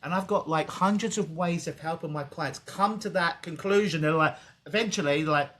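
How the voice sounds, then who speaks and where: A clinical hypnotist with a slightly high voice talks at normal speed in a casual podcast interview over a video call. He tells stories animatedly, acting out the voices of the people he quotes.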